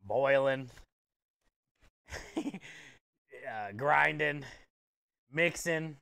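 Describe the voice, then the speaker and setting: Smooth-voiced man chatting while cooking. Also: medium pitch, extremely slow, sharp tone, no room sound. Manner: easygoing, joking with chat, chuckles often. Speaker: food truck chef and livestreamer. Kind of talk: casual livestream cooking chat.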